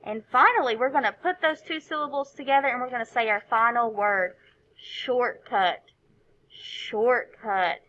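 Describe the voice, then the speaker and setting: A woman's voice: sits high, quick pace, hardly any pauses, sharp tone, slight background noise. A woman teaching a recorded phonics lesson to young children, sounding out each letter and praising often. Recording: dull, lo-fi recording.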